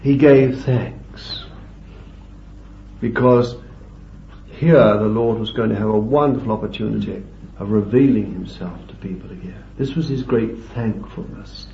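A man's voice: lowish voice, creaky, a little hiss or hum. A man preaching a sermon, reading scripture and dwelling on emphatic words. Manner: slow, deliberate Bible exposition with emphatic stresses. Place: meeting hall with a small group. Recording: echoey, distant, dull lo-fi recording.

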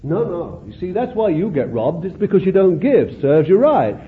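Male preacher, sermon delivery, high and lively voice, fervent and exclaiming; tinny phone-like old tape. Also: normal speed, a little hiss or hum.

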